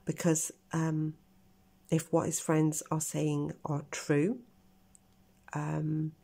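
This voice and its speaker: A woman's voice: low-pitched, monotone, very slow, vocal fry, dark tone. A middle-aged woman giving a tarot reading to her viewers, talking earnestly and speculating about what she senses. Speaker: tarot reader.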